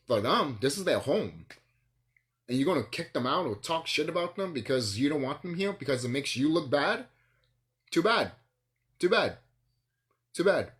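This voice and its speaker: A man vlogging in a rambling solo monologue, ranting and swearing, with bursts of laughter. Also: medium pitch.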